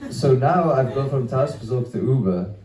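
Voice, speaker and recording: A man's voice: mid-range voice, animated, measured pace, mellow, echoey room, distant mic. A male stand-up comedian telling crude, loose stories and chatting with the crowd in a small comedy venue.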